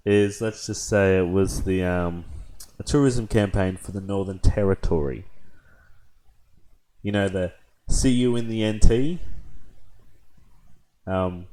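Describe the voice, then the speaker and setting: A man's voice: lowish voice, mellow, a little hiss or hum. An Australian man hosting a casual reaction video, chatting laid-back with joking asides.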